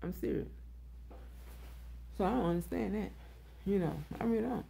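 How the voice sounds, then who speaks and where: Husky, gravelly woman ranting bluntly. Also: mid-range voice, moderate pace, mellow. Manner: blunt, profane, repeats herself. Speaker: online show host. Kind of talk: unscripted opinion monologue.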